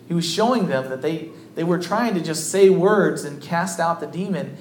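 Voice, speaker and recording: Higher-voiced man preaching in an echoey hall. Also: moderate pace, hardly any pauses, darkish tone, a little hiss or hum. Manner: conversational storytelling preaching. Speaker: pastor. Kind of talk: sermon.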